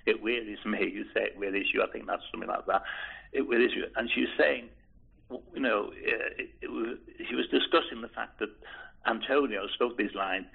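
Elderly male interviewee, deep gravel in the voice, halting and repetitive reminiscence over a tinny phone-like line. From Liverpool, England. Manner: hesitant, restarts and repeats words, chuckles softly. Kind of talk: oral history reminiscence.

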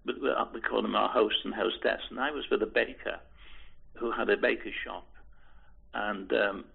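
A man in his eighties, from Liverpool, recalling his past in an oral history interview, hesitant and repeating words with soft chuckles. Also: lowish voice, fairly even intonation, moderate pace, vocal fry, slightly rough. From Liverpool, England. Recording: tinny phone-like recording.

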